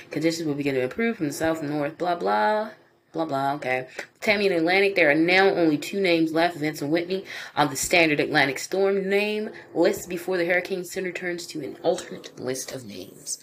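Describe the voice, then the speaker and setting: A low-voiced woman hosts a podcast and reads the news aloud. She stops often to react with profane, incredulous, mock-paranoid jokes, and there is a faint hum of noise behind her. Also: lively intonation, normal speed. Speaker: podcast host. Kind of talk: comedic rant while reading news aloud.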